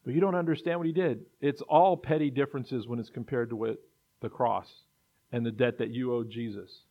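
A man's voice: mid-range voice, fairly even intonation, fairly quick. A man preaching a sermon in an earnest way, building to emphatic repetition. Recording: dull lo-fi recording.

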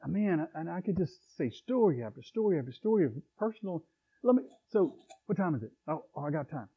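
A middle-aged man preaches in a loose, conversational style, with chuckles and side remarks. His voice sits a little higher than most men's. The sound is thin and tinny, as if heard over a phone. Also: sing-song, a little fast, breathy edge. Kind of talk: sermon.

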